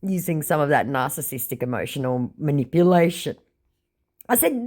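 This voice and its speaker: Sarcastic woman, lively low voice. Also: normal speed. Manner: dry, mocking sarcasm. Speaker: scam-baiting channel host. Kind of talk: sarcastic storytelling narration.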